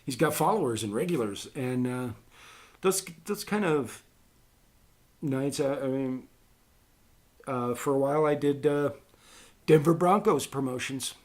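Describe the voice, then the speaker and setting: A man's voice: mid-range voice, animated, measured pace, long pauses, a little mellow. Middle-aged guy chatting on a podcast, rambly, lots of ums and restarts. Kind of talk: casual podcast chat.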